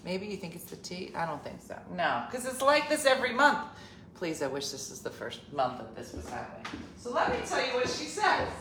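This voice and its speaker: Woman in her fifties, comic storytelling, lively swooping pitch, exasperated jokey rant, roomy echo. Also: brisk, slight background noise. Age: 50s. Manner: animated, exasperated, joking rant.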